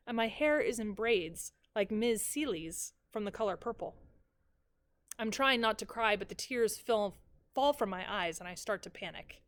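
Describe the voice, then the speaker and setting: A woman teacher reading the first chapter of a novel aloud in measured, even storytelling. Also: medium pitch.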